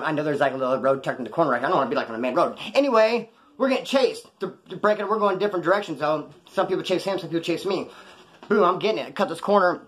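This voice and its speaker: This ex-convict storyteller, a middle-aged man, has a slightly high and somewhat bright voice. He rambles through a crime tale in casual, foul-mouthed street slang, with asides along the way.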